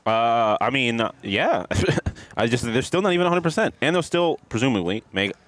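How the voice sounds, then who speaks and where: Relaxed, chatty male co-host. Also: mid-range voice, moderate pace, no room sound. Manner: relaxed, chatty, thinks aloud while looking up odds. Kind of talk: casual sports betting chat. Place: live show at a brewery pub.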